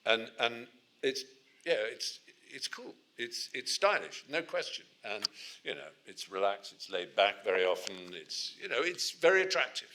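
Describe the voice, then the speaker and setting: A man's voice: medium pitch, big pitch swings, normal speed, bright, forceful tone, slight background noise. A man in his sixties from England, speaking to a student audience as guest speaker, telling anecdotes with frequent restarts. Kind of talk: storytelling talk to a student audience. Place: lecture hall.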